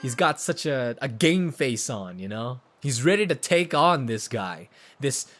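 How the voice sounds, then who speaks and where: A man casually commenting over a video game playthrough, chatty and joking with quick asides. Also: medium pitch, very animated, fairly bright tone, faint music behind. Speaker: gaming YouTuber. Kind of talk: let's play commentary.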